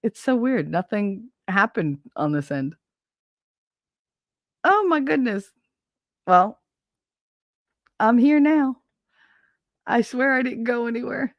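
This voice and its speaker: A woman's voice: fairly high pitch, lively intonation, takes it slowly, long pauses, no echo, muffled recording. A woman livestreaming on her own channel, chatting casually in a blunt, profane, rambling way. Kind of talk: casual stream chat. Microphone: desk microphone.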